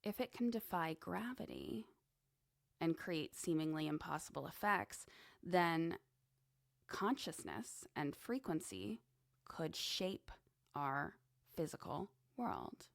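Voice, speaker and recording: Woman host rambling slow and thoughtful, bit of vocal fry, dry mic. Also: sits low, very animated, dry recording. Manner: slow, musing, conversational with asides. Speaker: podcast host. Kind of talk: casual monologue on esoteric topics.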